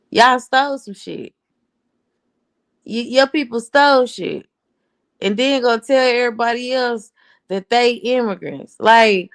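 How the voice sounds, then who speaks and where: A woman's voice: medium pitch, creaky. A woman, telling a story in a casual, blunt, profane rant. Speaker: host.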